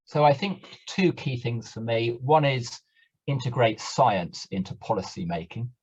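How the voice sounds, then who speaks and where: A man from Britain speaking as a panelist on a webinar, measured and considered. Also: mid-range voice, animated, a little mellow, slightly rough. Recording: dull lo-fi webinar audio.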